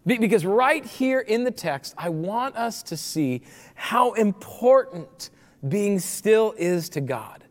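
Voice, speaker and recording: A pastor in his forties preaches with a bright, high-pitched voice. He tells the story with lively energy and slips into the voices of the people. The sound rings with the long reverb of a big sanctuary. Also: slow. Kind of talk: sermon. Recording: long reverb of a large hall.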